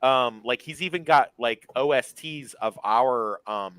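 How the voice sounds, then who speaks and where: Male podcast co-host, bright forceful tone, crude and profane, dry close mic. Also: mid-range voice, a little slow, smooth, no echo, poor audio. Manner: crude, profane, animated storytelling. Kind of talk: casual chat.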